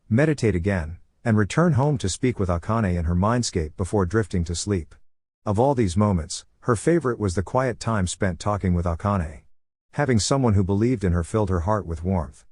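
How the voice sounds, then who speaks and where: A man hosting a storytelling channel, reading a fan story in smooth, even scripted narration. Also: on the low side, no room sound, studio quality.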